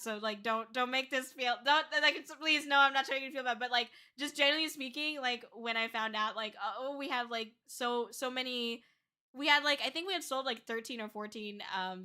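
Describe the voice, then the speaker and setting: A woman's voice: fairly high pitch, sharp tone, clean tone. A young woman streaming, chatting candidly with viewers in a rambling way, full of fillers and restarts. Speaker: VTuber streamer. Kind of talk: casual livestream chat.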